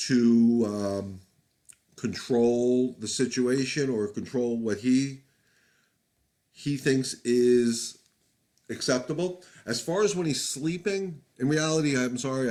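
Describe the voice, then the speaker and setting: A man's voice: medium pitch, darkish tone. A man, a dog trainer, answering viewer questions on a live stream in a candid, plain-spoken way with many fillers and restarts. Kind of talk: live-stream Q&A, casual advice.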